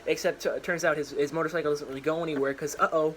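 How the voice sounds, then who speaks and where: A man's voice: on the high side, steady tone, quick pace, noisy background. A young man casually rambling through his own story idea in a slangy, filler-heavy monologue, recorded in a small room at home.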